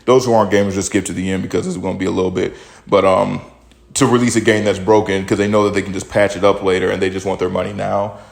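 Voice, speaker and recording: Deep and gravelly, his voice stays at a level tone and moves fast. He's a young podcast host doing casual opinion commentary, ranting bluntly about the news with profanity while a little out of breath.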